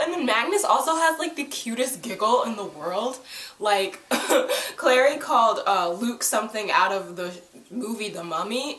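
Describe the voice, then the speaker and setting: A woman's voice: medium pitch, a bit bright. Chatty young woman in an echoey room. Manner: chatty, giggly, acts out characters' lines. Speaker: TV episode reviewer. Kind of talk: casual recap vlog. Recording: echoey room, distant from the mic.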